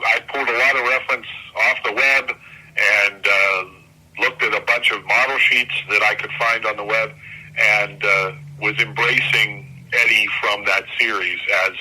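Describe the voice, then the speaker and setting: Older man, bright and husky. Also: on the low side, poor audio. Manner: rambling, self-correcting, enthusiastic. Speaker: comic artist guest. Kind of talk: casual interview conversation.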